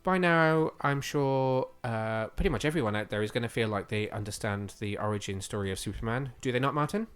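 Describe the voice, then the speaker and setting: A man's voice: medium pitch, brisk, few pauses, fairly bright tone, smooth, soft background music. Chatty man, voice slightly worn. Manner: chatty and enthusiastic, with frequent fillers. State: slightly losing his voice. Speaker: podcast co-host. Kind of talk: casual podcast chat.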